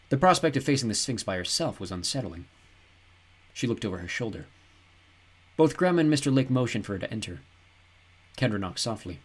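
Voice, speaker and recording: A male audiobook narrator reads the story in an even, descriptive way. His voice sits low and has a husky edge. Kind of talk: scripted narration.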